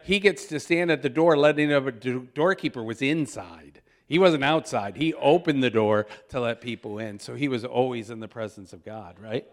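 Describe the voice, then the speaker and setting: A man preaching a storytelling sermon, animated and chuckling, who breaks into loud exclamations when he acts out moments. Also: medium pitch, moderate pace, hardly any pauses. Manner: animated, shouts out quoted exclamations; chuckles while telling stories.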